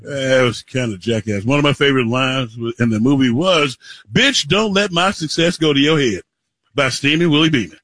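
A man's voice: medium pitch, brisk, fairly bright tone, no room sound. A man on a podcast panel giving blunt opinions in casual chat.

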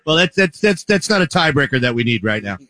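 A man jokes his way through casual podcast banter and laughs often. His pitch jumps around a lot and his voice is bright. The sound is close and dry. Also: big pitch swings, fast, dry recording. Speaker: podcast co-host. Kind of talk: casual chat.

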